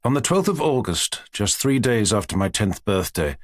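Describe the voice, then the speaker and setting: A man reading an audiobook in a measured, expressive narrating style. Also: lowish voice, no room sound, studio quality. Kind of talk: scripted narration.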